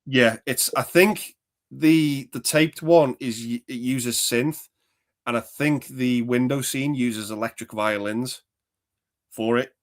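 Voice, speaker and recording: A man's voice: medium pitch, takes it slowly. A man co-hosting a casual movie chat, enthusiastic, swearing often and slipping into quoted lines. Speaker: podcast co-host.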